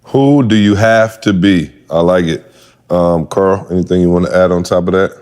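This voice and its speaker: A man's voice: sits low, moderate pace, a little mellow, clean tone. A man co-hosting a conversation, chiming in with laid-back agreement.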